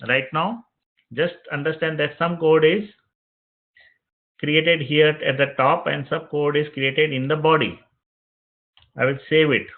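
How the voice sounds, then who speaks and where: A man teaching web development, narrating each click of a screen-recorded software tutorial step by step and repeating phrases as he goes. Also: on the high side, fairly even intonation, a little slow, long pauses. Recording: tinny phone-like audio.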